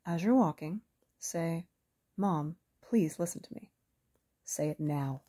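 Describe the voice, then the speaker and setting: Woman reader as a cold female hunter: soft husky alto, quick, light, friendly menace, audiobook. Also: sits low, exaggerated voice. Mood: calmly menacing. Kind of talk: audiobook character reading.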